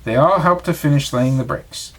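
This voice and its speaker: A man reading a bedtime storybook aloud to his child in an expressive read-aloud voice. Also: mid-range voice, moderate pace.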